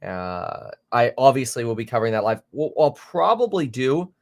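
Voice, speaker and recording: A man of average pitch runs a live market stream and talks off the cuff. He rambles and reacts on the spot, correcting himself often and filling pauses with fillers. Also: very animated, creaky, dry recording, studio quality. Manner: many fillers and self-corrections. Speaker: finance livestream host.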